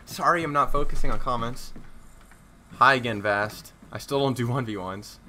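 With a medium-pitched voice at normal speed and a little hiss or hum in the recording, a young man chats with viewers while streaming a shooter live. The commentary is easygoing and slangy, he ribs himself, and he gets fired up in the tense stretches.

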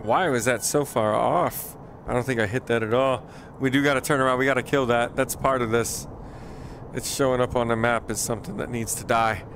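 Man streaming a flight game, casual self-deprecating banter, mid pitch, headset mic, faint jet noise behind. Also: steady tone, brisk, a bit bright. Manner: chatty, self-deprecating, talks to viewers. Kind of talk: casual live gameplay commentary.

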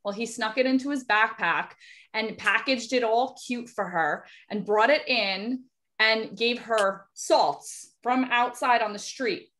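A woman's voice: a little high, unhurried, fairly bright tone. A woman presenting a DIY skincare demo, chatting casually and telling stories full of "like" fillers. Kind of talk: casual group chat, storytelling.

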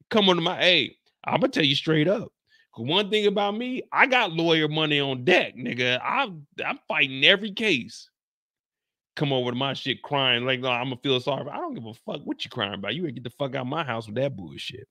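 Guy recapping a show, bright gravelly voice, super animated, cussing a lot, dry close mic. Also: mid-range voice, moderate pace, dry recording. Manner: animated, profane, acts out quotes loudly. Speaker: recap host. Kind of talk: casual storytelling recap.

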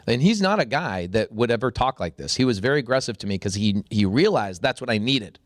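A man talking as a podcast guest, telling a story with energy and jumping into high, excited voices when he acts out what people said. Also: a little fast, hardly any pauses, no echo, clean studio sound. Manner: acts out quoted dialogue with sudden high-pitched bursts. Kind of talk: animated storytelling in conversation.

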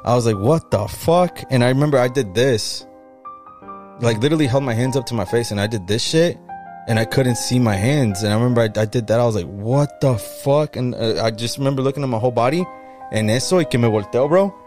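A man telling a story in a casual podcast chat, animated and swearing, slipping into Spanish phrases. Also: mid-range voice, fast talker, faint music behind.

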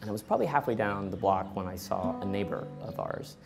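A man's voice: lowish voice, fast talker, gravelly, over music. A middle-aged man telling a personal story, acting out both sides of the conversations as he goes. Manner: animated, acts out both sides of dialogue.

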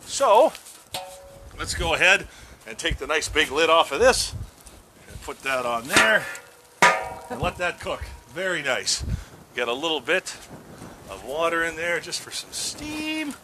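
Lively chatty man at the grill. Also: fairly high pitch, measured pace, pauses often, slight background noise. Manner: chatty, self-mocking, upbeat. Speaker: grilling show host. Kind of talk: casual cooking demo. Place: outdoors at grills.

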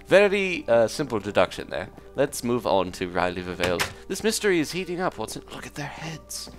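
A man's voice: medium pitch, big pitch swings, a little fast, music in the background. A man hosting a gaming video in character as a pompous detective, with a put-on English accent and a jokey manner. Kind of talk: in-character let's play commentary.

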